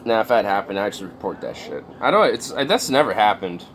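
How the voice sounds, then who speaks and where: A man's voice: lowish voice, expressive, brisk, fairly bright tone, a little hiss or hum. A man chatting casually on a livestream, rambling and swearing, with lots of fillers. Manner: rambling, profane, many fillers.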